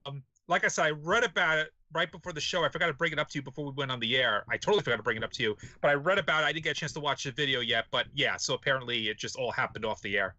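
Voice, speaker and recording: A man's voice: medium pitch, racing, few pauses, bright, forceful tone, no echo, muffled recording. A man co-hosting a casual podcast, teasing his partner and laughing often. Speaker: podcast co-host. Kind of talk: casual chat.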